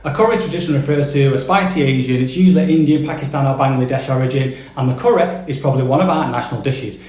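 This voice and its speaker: A young man with a Manchester accent chatting through a jokey, animated explainer vlog. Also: medium pitch, very fast. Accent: Manchester English. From England. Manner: chatty, jokey, animated list-style delivery. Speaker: vlogger. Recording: echoey room.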